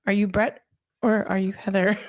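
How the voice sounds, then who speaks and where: A woman's voice: medium pitch, steady tone, moderate pace. A woman hosting a casual livestream, chatting loosely and greeting viewers one by one by name. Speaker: livestream host.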